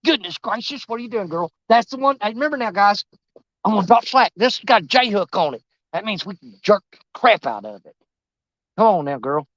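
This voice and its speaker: A man rambles and jokes as he fishes from an outdoor riverbank, his pitch leaping up and down in lively swings. The sound is dry, with almost no room around it, and slightly dull and lo-fi. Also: a little fast, no echo. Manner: folksy, joking, rambling. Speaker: fishing vlogger. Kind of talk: casual outdoor fishing commentary.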